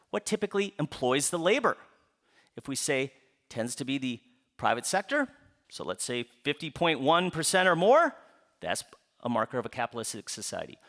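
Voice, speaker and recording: Animated midwestern man giving a lecture. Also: medium pitch. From Upper Midwest United States. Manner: animated, poses rhetorical questions and answers them; draws the audience in with playful asides. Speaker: author giving a book talk. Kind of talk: public lecture to a live audience.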